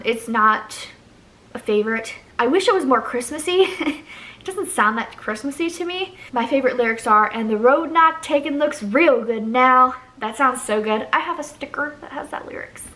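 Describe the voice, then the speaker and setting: A young woman music vlogger chats casually to camera while ranking songs, gushing and rambling with lots of ums and likes. Her voice sits on the high side with a sharp tone.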